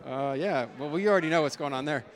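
Joking male podcast host, slightly high voice. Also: quick pace, a faint crowd. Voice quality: loose, joking, trails off and restarts. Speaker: podcast host interviewing at an expo. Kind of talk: casual interview chat.

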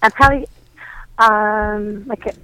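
A woman's voice: medium pitch, fairly even intonation, a little slow, bright, forceful tone, clear, resonant tone, dry recording, rough recording. A young woman with a Wisconsin accent, chatting loosely and frankly as a podcast guest, giggling often and filling her talk with "like". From Wisconsin, USA. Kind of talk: casual chat.

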